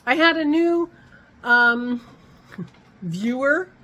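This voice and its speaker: A woman's voice: sits high, animated, extremely slow, sharp tone, low-quality recording. A woman hosting a casual home vlog, chatting in a rambling way and breaking off mid-thought, with hiccups. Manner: rambling, chatty, self-interrupting. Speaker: vlog host.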